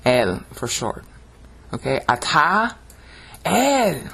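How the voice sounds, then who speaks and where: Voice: mid-range voice, moderate pace, slightly rough. A Bible language teacher giving a video lesson, explaining word by word, often checking in with "okay?" and chanting ancient phrases with dramatic rising emphasis. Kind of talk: video lesson on screen slides.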